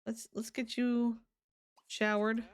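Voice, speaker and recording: A woman's voice: a little high, little pitch movement, slow pace, smooth. A young woman streaming a life-sim game, chatting casually and giggling as she talks to her characters, sleepy and yawning. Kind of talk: casual live game commentary.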